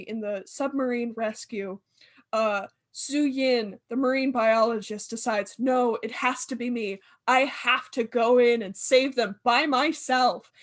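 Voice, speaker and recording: Woman recapping a movie plot casually. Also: on the high side. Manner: recaps scenes with dry frankness, swears casually. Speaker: podcast co-host.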